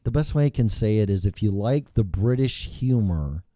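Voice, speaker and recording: A male show host riffs in loose, rambling chat, swearing freely and never mincing words. His pitch swings widely as he talks, and his tone is dark and mellow. The sound is dry and close. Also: expressive, moderate pace, no room sound. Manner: rambling, blunt and profane. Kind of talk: casual chat.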